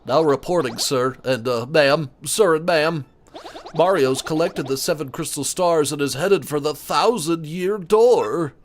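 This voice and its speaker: A man's voice: on the high side, unhurried, close to an everyday voice. A man voicing a flustered little winged mushroom soldier giving a stumbling report in a video game.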